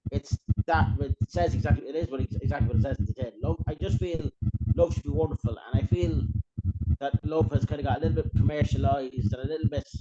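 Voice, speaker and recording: A man's voice: a little high, steady tone, fast. A man in his forties from Ireland with an Irish accent, introducing himself as a songwriter and rambling as he repeats himself. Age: 40s. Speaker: guest songwriter. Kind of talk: casual self-introduction. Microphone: video call. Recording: dull lo-fi call with loud hiss.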